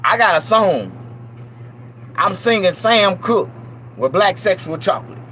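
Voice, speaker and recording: A man's voice: sits high, unhurried, breathy edge, rough recording. A middle-aged man from Mississippi with a Southern accent, rambling loosely and profanely to his viewers. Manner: loose, profane, animated, mock-preaching asides. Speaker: vlogger. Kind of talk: rambling casual monologue to viewers.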